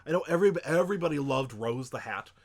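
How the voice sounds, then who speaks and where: A man's voice: medium pitch, animated, fast. Passionate, rambling, swearing male podcaster. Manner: emotional, chokes up. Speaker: podcast co-host. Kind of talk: casual podcast movie review.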